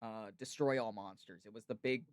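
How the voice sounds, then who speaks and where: A man's voice: lowish voice, steady tone, moderate pace, dry recording. A man from the United States hosting a podcast, chatting casually and telling long, rambling stories. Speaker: podcast host. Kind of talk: casual chat.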